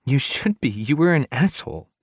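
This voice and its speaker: A wounded young woman speaks softly through tears, pleading and afraid, voiced by a man reading an audiobook. The sound is close and dry, with no room around it. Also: medium pitch, sing-song, normal speed, husky, dry recording, pitched above the performer's own voice. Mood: hurt. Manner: soft, pleading, teary.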